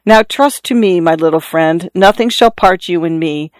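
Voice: mid-range voice, moderate pace, no echo, natural voice. A narrator doing a big coaxing sailor man. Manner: coaxing, wheedling.

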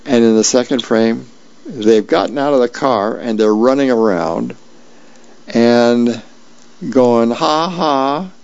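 A man reading newspaper comics aloud as a volunteer reader, in a plain, unhurried way with small slips. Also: mid-range voice, vocal fry, darkish tone, no room sound. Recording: dull lo-fi radio recording.

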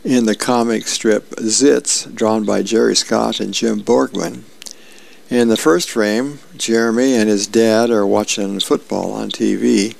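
A man's voice: fairly even intonation, unhurried. A male radio host casually reading comic strips aloud, acting out the characters' lines. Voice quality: gravelly. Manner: acts out character lines with raised pitch.

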